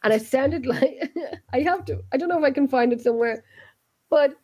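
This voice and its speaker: Giggly woman with a slightly husky, higher voice, chatting on a podcast. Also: brisk, darkish tone, low-quality recording. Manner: giggly, exclaims often. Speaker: podcast co-host. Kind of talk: casual chat.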